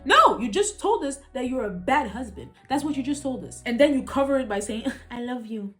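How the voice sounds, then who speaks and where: A woman's voice: high voice, animated, brisk, a bit bright, soft background music. A young woman giving exasperated, ranting reaction commentary. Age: young adult. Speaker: reaction video host.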